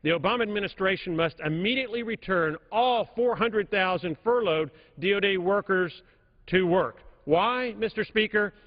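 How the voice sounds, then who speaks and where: A man's voice: sits high, normal speed. A man giving a formal, emphatic floor speech as a congressman in a large legislative chamber, repeating key points for stress at a podium microphone. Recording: reverberant chamber, dull broadcast audio.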